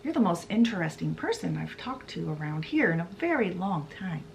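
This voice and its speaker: A woman's voice: lowish voice, sing-song, a little fast, vocal fry, darkish tone, slight background noise. A woman voicing a charming young male barrister who banters playfully.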